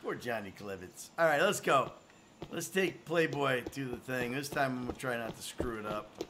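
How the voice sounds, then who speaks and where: Exasperated middle-aged gamer, lively and bright. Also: male voice, mid-range voice, normal speed, slight background noise. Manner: exasperated, chatty, swears often. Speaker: streamer playing a video game. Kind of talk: live gameplay commentary.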